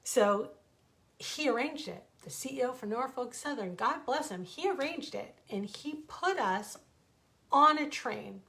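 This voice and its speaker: A middle-aged woman, an author, telling a personal story from home in a casual, animated way, rambling with asides and self-corrections. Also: high voice, measured pace, creaky. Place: her home.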